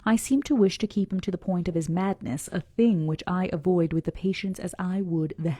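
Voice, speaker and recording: A woman with a lowish, husky voice reads a classic novel briskly to her live book club, sometimes stumbling over names. She breaks into soft whispered asides, teases herself, and speaks straight to her viewers. The recording is dry.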